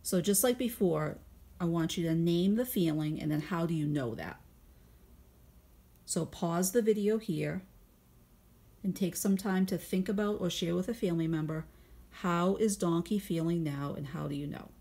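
A woman teacher with a lowish, gravelly, husky voice reads a picture book to young children at home over video at a normal speed. Along the way she asks gentle guiding questions and explains her thinking with patience.

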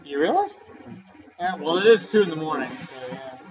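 A man's voice: on the high side, animated, a little fast. A man co-hosting a let's play, chiming in with short, teasing replies. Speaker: co-host. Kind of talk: casual gameplay chat. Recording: roomy, distant, dull mic with game music.

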